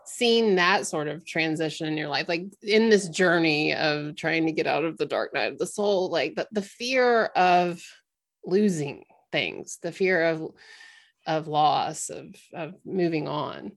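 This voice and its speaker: Host: woman, lower register, thoughtful, asks probing questions. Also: a little slow. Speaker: podcast host. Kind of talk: interview conversation.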